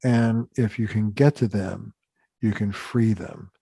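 A man's voice: lowish voice, steady tone, slow pace, gravelly, dark tone, slightly rough, dry recording. An older man, a family therapist, telling stories earnestly and with emphasis in a podcast interview, acting out the dialogue he quotes.

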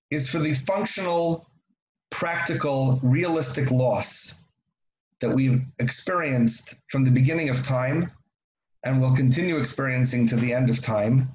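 A man delivering a Torah lesson in an ordinary middle-pitched voice. He leans on repetition and rhetorical questions. The sound carries a roomy echo. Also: a little mellow, highs cut off. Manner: repeats key phrases, asks rhetorical questions. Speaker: Torah teacher.

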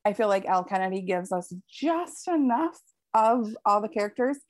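A woman chats about a novel with her co-host, expressive and quick to laugh. She adds lively asides as she talks. The recording is dry and close. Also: mid-range voice, dry recording. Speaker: podcast co-host. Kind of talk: casual book chat.

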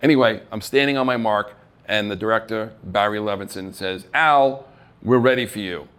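A man's voice: fairly low pitch, normal speed, clean tone. A middle-aged man telling stories of his acting career on stage, acting out the voices of the people he quotes and laughing at himself. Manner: animated storyteller who acts out quoted voices and laughs at himself. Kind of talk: storytelling talk. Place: live event stage.

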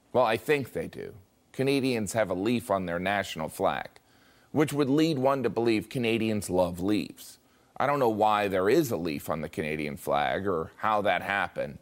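A man's voice: on the low side, big pitch swings, moderate pace, gravelly. A man delivering a scripted comic commentary in a dry, self-mocking way. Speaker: comedy commentator.

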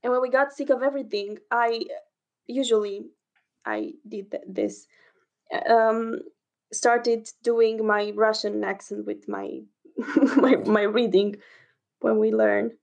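Halting young woman guest. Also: a little high, steady tone, creaky, darkish tone. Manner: hesitant, halting, with frequent fillers and laughs. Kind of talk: casual podcast chat over a call.

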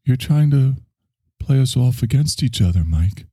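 A man voicing Ori, a blunt, grumbling scone-eating male character with a flat, accusing manner. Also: medium pitch, normal speed, breathy edge, dry recording, studio quality, voice pushed up.

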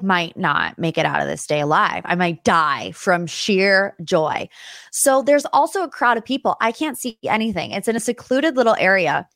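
A young woman hosting a podcast, telling a story in a casual way and acting out quotes in high, excited voices. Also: no room sound, clean studio sound. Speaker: podcast host.

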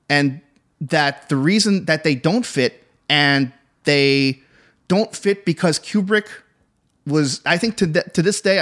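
A man in casual conversation about films, talking haltingly with many fillers and restarts. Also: fairly high pitch, fairly bright tone. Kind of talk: casual chat.

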